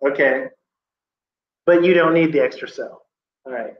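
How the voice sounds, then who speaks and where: Opinionated guy teaching class, kinda high voice, echoey room, far from the mic. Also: normal speed, highs cut off, a little hiss or hum. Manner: emphatic, opinionated, explains with examples.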